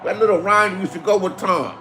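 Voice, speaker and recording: Profane, animated Los storyteller man. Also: high voice, brisk, over music. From Inglewood, Los Angeles. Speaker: host telling stories. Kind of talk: casual storytelling.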